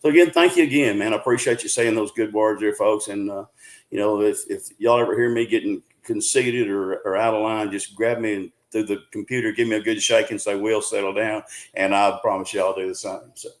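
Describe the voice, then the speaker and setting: A man's voice: on the low side, brisk, rough recording. A man in his sixties from Arkansas with a Southern accent, talking as a guest in a casual interview in a folksy, rambling, friendly way. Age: 60s. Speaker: guest, Bigfoot researcher.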